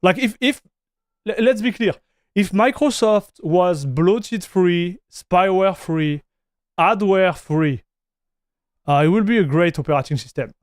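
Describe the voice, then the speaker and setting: Male streamer, casual chat host; raised pitch, close dry mic. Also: a little slow, no room sound. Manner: chatty, greets viewers, reads chat aloud; frequent restarts and fillers.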